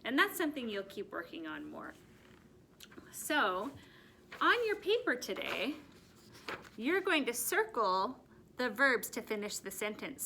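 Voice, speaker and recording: A woman teaching a first grade lesson, speaking slowly and clearly in an encouraging teacher's manner. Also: mid-range voice, sharp tone, slight background noise. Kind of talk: recorded classroom lesson.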